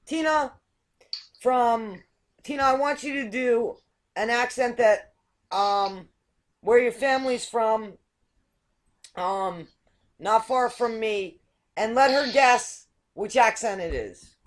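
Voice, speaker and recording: Slow-talking playful woman host. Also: fairly high pitch. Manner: playful, teasing, laughing often. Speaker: talk show host. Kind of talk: casual game-show chat. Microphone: video call.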